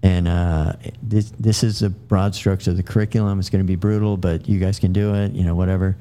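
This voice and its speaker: A man's voice: deep voice, flat delivery, fairly quick, warm tone. A middle-aged man, a military veteran guest, telling long casual anecdotes full of fillers and restarts. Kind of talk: casual storytelling.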